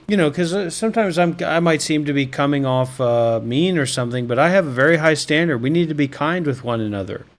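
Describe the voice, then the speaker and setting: A man's voice: fairly high pitch, a little fast, few pauses. A man streaming a reaction video, ranting and hurling profane insults in a mocking tone.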